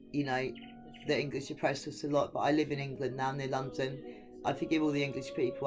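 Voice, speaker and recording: A deep-voiced woman from Western Australia, a Bible teacher, gives a rambling reading of scripture with commentary. She digresses often and chats along with plenty of ums.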